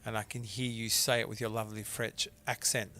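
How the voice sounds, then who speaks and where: A man's voice: fairly low pitch, flat delivery, brisk, sharp tone. A man playing a mystery video game, chatting and reading letters aloud with frequent stumbles. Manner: chatty, stumbling over words while reading. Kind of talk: let's play commentary, reading letters aloud.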